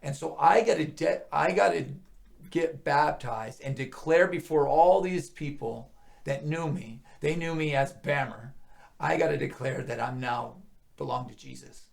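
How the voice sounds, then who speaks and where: A middle-aged man with a deep, heavily gravelly voice tells his story of faith. He speaks earnestly and often sinks into hushed, near-whispered tones when the memories weigh on him. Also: unhurried. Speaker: guest sharing testimony. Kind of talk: emotional personal testimony.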